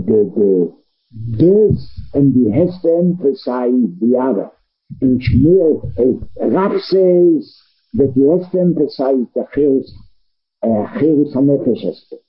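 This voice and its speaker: A man with a somewhat high, husky voice works through a Talmud lesson, pausing and repeating words as he thinks aloud. The recording is dull and muffled, with faint music underneath. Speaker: Torah teacher. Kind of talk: Talmud lecture.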